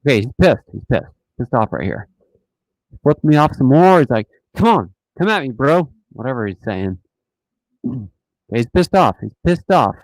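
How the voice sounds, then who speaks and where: A man hosting a casual live stream, talking in an animated, mocking way and often repeating himself. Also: medium pitch, normal speed, long pauses, dry recording, rough recording. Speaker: host of a dashcam channel live stream.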